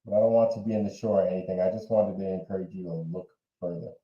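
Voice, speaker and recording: A man's voice: low-pitched, fairly even intonation, quick pace. Man, stream host, casual, repetitive, echoey room, dull sound. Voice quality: rambling and repetitive. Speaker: livestream host. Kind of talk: casual chat reacting to clips.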